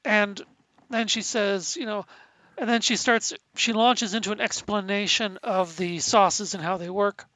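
A woman from Canada chats on a podcast and drifts through a long anecdote, circling back with restarts and fillers. Her voice is bright and forward. It is recorded dry and close, with no room around it. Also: mid-range voice, steady tone, a little slow, no room sound, rough recording. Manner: rambling, lots of restarts and fillers. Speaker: podcast co-host. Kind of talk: casual chat, storytelling.

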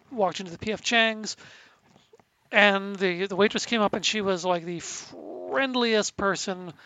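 A woman's voice: medium pitch, fairly bright tone, no echo, poor audio. A woman from Canada co-hosting a podcast, telling a rambling story in casual chat with plenty of restarts. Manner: rambling, lots of restarts and fillers. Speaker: podcast co-host.

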